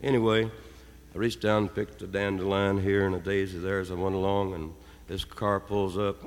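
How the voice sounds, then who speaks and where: A man's voice: sits low, flat delivery, moderate pace. A man telling a loose, rambling story between songs at a live concert, swearing casually as he jokes with the crowd. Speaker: singer performing a live show. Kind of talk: joking stage banter between songs. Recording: live hall recording with guitar.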